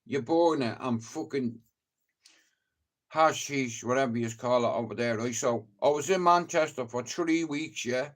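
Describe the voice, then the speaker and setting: A man's voice: medium pitch, unhurried. A middle-aged man from Ireland with a Dublin accent, telling rambling, profane stories to a live stream audience, full of "you know". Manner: rambling, profane, lots of 'you know'. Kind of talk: casual anecdotal storytelling.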